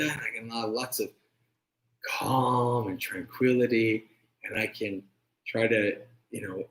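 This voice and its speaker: Monk guy doing a relaxed dharma talk, keeps saying right?, echoey room. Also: mid-range voice. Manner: conversational, keeps asking "right?". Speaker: monk teacher. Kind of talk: dharma talk answering questions.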